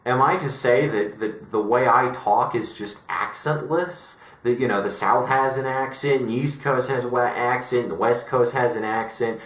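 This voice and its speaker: A man's voice: mid-range voice, normal speed, few pauses, a bit bright, roomy sound. A man from Colorado delivering an emphatic, profane, exasperated monologue as a vlogger. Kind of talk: ranting monologue.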